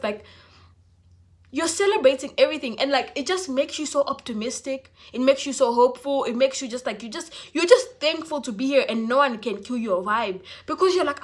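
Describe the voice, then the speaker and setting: A young woman vlogging in casual chat, animated and chatty, with many fillers and restarts. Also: high-pitched.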